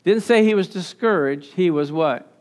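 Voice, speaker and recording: A man preaching a sermon as pastor, animated, laughing often and asking his listeners questions he then answers himself. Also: high voice, normal speed. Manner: animated, asks the congregation questions and answers them. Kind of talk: sermon with slides.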